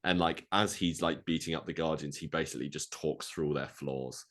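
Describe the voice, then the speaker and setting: A man co-hosting a podcast, rambling through a movie plot pitch with lots of fillers and acted-out quotes. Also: steady tone, a little fast, fairly bright tone. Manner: rambling, filler-heavy, acts out quoted lines. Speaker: podcast co-host.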